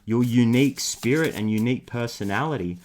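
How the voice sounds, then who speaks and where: A man's voice: mid-range voice, fairly quick, darkish tone, a little hiss or hum. A man hosting a tarot card reading video, talking straight to his viewers in an enthusiastic, affectionate, rambling way. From Australia. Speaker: tarot reader.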